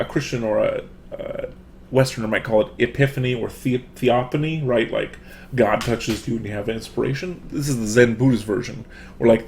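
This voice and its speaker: A man's voice: medium pitch, a little hiss or hum. A man, a professor, giving a casual online lecture through a computer microphone, full of fillers and restarts.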